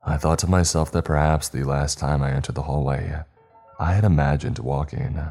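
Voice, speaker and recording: A man narrates a horror tale steadily and deliberately, his voice extremely low, deep, and creaky. Quiet music hums faintly in the background.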